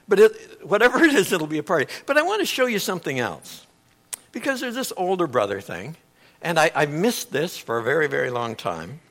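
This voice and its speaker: A middle-aged male pastor delivers a sermon in a bright, forceful voice that sits high for a man. His pitch leaps around as he tells the story, and he swings between loud outbursts and near-hushed asides. The delivery is lively and conversational. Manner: animated storytelling, acting out quotes with big swings in volume.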